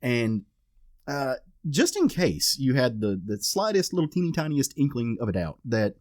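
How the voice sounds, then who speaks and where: A man's voice: medium pitch, big pitch swings, moderate pace, a little mellow, no room sound, studio quality. A man co-hosting a podcast, casually and animatedly retelling a comic issue and acting out its characters' lines. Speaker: podcast co-host. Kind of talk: casual chat recapping a comic.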